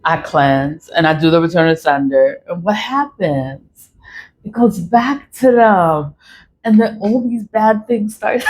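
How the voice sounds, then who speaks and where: A woman's voice: medium pitch, lively intonation, a little slow, a little hiss or hum, poor audio. A woman talking straight to camera about her spiritual cleansing practice, blunt and swearing, laughing between her points. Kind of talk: casual monologue to camera.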